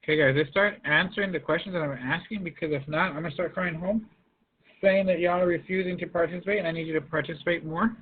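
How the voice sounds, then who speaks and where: A man's voice: fairly high pitch, fairly even intonation, fast, husky. A male math teacher giving an online class over a video call, coaxing students by name to answer in the chat. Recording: tinny phone-like line.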